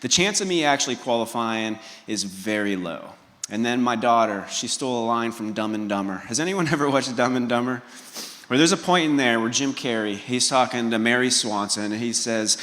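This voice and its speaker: A keynote speaker delivers a motivational talk in a large hall, telling a personal story and asking the audience direct questions. His mid-range voice is a bit bright and moves at normal speed.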